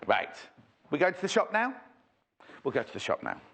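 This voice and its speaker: A man's voice: a little high, wildly swooping pitch, moderate pace, gravelly, long pauses, fairly bright tone, husky. A man presenting a TV shopping show in a chatty, rambling, jokey way, full of asides. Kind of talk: chatty live sales presentation.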